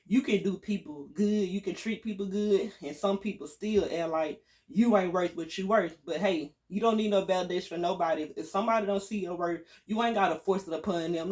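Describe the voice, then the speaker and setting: A vlogger giving an emphatic, preachy spiritual pep talk to viewers. The speaker uses casual slang, calls the audience y'all and repeats phrases for emphasis. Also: medium pitch. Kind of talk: spiritual motivational talk to camera.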